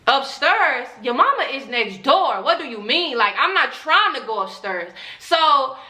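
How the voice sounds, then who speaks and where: A young woman vlogger telling a storytime in a casual, slangy, animated way, acting out whispered quotes. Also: high-pitched, unhurried. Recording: echoey room.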